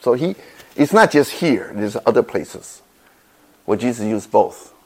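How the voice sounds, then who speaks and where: Slow-speaking male pastor preaching. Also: mid-range voice, sing-song. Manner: slow, halting delivery with repeated words and non-native grammar. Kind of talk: sermon.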